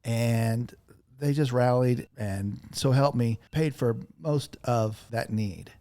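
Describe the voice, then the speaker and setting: A man who owns a radio station, telling a story in an interview from a small radio studio with animated energy. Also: mid-range voice, takes it slowly. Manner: lively, acts out other people's voices. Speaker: radio station owner, guest.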